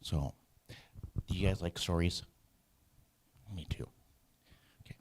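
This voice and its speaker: A man telling a story to children at a church service, animated and halting, often restarting phrases. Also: low-pitched, husky. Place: church sanctuary.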